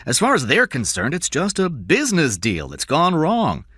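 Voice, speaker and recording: A wealthy father speaks sharply and briskly, as a male storyteller plays him. The voice is bright and forceful, ranging widely, in a dry close recording. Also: on the high side, huge pitch swings, slightly rough, dry recording, voice pushed up, heavily acted. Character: wealthy, sharp-tongued middle-aged father.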